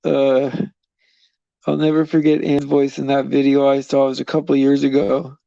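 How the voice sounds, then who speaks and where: A man's voice: mid-range voice, completely flat delivery, normal speed, gravelly, warm tone, dry recording, lo-fi sound. A man hosting a live stream, chatting loosely with viewers in a rambling way and chuckling often. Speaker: livestream host.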